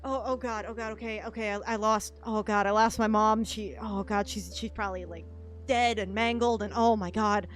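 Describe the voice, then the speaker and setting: A woman's voice: medium pitch, steady tone, normal speed, soft background music, voice pushed down, lightly acted. A woman voicing a grown man in a panic over his lost mother, stammering and repeating himself. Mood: panicked.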